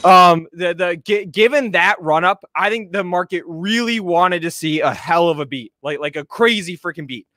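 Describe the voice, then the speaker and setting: A man's voice: sits high, normal speed, few pauses, pushed and bright. A man hosting a casual live stream about stocks, chatty and joking, with lots of fillers and repeated words. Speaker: show host, stock commentator. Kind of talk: casual live market commentary.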